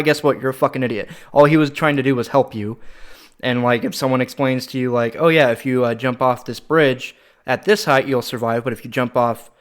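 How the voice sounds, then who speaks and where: A young American man ranting on a casual podcast, swearing freely as he talks. His voice sits in a middle register. His ranting breaks into loud, animated outbursts. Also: mid-range voice, fairly quick, clean tone. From United States. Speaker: podcast co-host. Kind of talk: casual chat.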